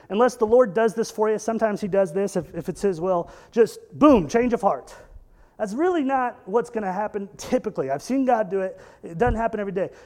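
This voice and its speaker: A man with a high-pitched voice delivers a casual, conversational sermon. He talks animatedly and throws rhetorical questions at his listeners. He mixes in joking asides as he preaches. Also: darkish tone. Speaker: pastor.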